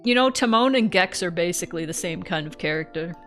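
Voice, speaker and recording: A woman's voice: lowish voice, animated, brisk, fairly bright tone, faint music behind. Giggly rambling woman streamer. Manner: giggly, rambling, swears freely. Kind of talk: casual chat while playing a game.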